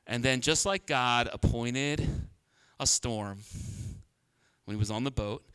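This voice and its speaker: Bright-voiced pastor. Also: male voice, medium pitch, slow pace, pauses often, clear, resonant tone. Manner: humorous, conversational, laughs often. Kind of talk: sermon. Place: church.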